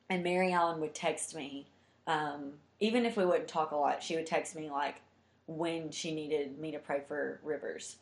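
A woman's voice: low voice, roomy sound. A young woman telling a heartfelt personal story in a chatty way, full of fillers. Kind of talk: casual storytelling.

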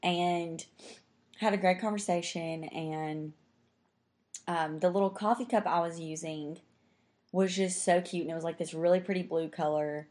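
A woman's voice: lowish voice, fairly even intonation, moderate pace, darkish tone. A young woman telling a story in casual chat, talking chattily and saying "like" constantly.

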